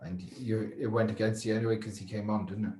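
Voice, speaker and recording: A man's voice: on the low side, quick pace, a little hiss or hum. A man who co-hosts a podcast, chatting casually and swearing as he watches a rugby match live. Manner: swearing, excitable, jumps from mumble to outburst. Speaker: podcast co-host. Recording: roomy echo.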